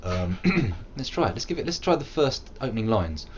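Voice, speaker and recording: A man's voice: lowish voice, sing-song, normal speed, dull audio, a little hiss or hum. A British man in his thirties, chatting and joking casually while streaming a game live, prone to silly growls and bits of song. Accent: British English. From England.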